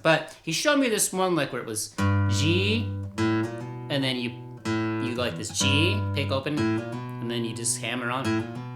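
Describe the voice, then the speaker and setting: A man's voice: mid-range voice, animated, normal speed. Upbeat rambling male guitar teacher. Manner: rambling, upbeat, laughs at himself. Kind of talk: casual guitar lesson. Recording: roomy echo with guitar playing.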